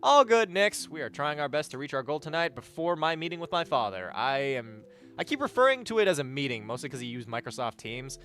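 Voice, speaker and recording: A young man chats on a live stream and reads out viewer messages, swearing freely and wandering from topic to topic. His voice is bright and a little sharp, and his pitch swings up and down a lot. Faint music plays underneath. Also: brisk. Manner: animated, profane, rambling. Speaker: livestreamer.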